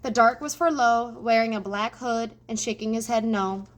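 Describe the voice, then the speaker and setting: Brief: female storybook narrator, expressive, slightly high voice. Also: moderate pace. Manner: expressive, addressing the reader. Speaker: audiobook reader.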